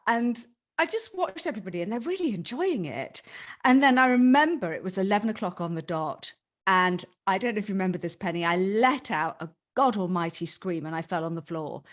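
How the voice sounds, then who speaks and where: A woman hosting a podcast, telling a personal story to her guest in a candid, emotional way and swearing casually. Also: mid-range voice. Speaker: podcast host.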